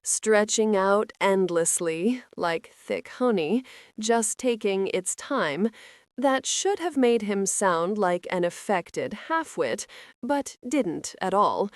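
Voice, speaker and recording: A woman reading a romance audiobook in an expressive, scripted narration. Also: medium pitch, takes it slowly, dry recording, studio quality.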